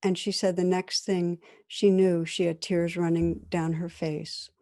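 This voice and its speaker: A woman meditation teacher giving a dharma talk, telling a story in a calm, measured, gentle way. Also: lowish voice.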